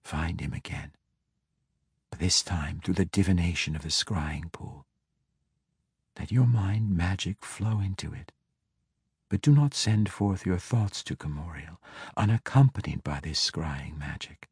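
A man voicing a cold, commanding dark elf noblewoman in an audiobook, speaking low, slow and quietly threatening. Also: lively intonation, slightly rough, dry recording, clean studio sound, full character voice. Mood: hushed command. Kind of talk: audiobook character voice.

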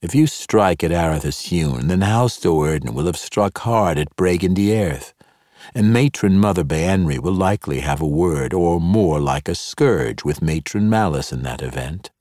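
A man reading an audiobook and voicing a sly, playful male dark elf mercenary leader who talks smoothly and teasingly. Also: sits low, animated, normal speed, dry recording, studio quality. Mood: persuasive.

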